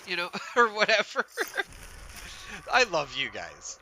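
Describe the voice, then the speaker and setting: Male game streamer from Canada, rambling casual chatter, voice on the high side, very bright tone. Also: expressive, moderate pace, slight background noise. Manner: rambling, laughs often, heavy use of "like". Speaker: gaming streamer. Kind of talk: casual chat while live-streaming a game.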